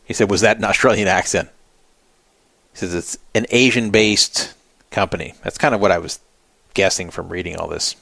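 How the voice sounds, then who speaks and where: A man's voice: low voice, moderate pace, gravelly, long pauses, sharp tone, no echo. A man hosting a solo podcast, talking casually and skeptically and reading out viewer comments in a wry way. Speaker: podcast host.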